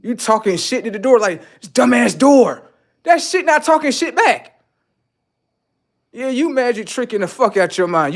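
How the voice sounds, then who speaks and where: A man livestreaming blunt, profane relationship advice, lecturing viewers as "sir" and swinging between loud outbursts and low mutters. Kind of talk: casual livestream monologue.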